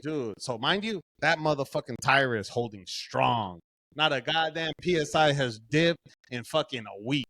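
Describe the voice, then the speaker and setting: A man's voice: mid-range voice, moderate pace, no echo. A young man from Southern California, a podcast co-host, telling a profane story in casual chat and acting out what everyone said. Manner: profane, animated storytelling, quotes himself.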